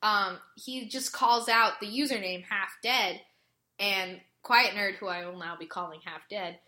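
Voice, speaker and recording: A woman's voice: medium pitch, fairly even intonation, unhurried, sharp tone. A woman retelling a show's episode in casual chat, exasperated and full of fillers. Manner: exasperated, filler-heavy storytelling. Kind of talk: casual chat recapping a show.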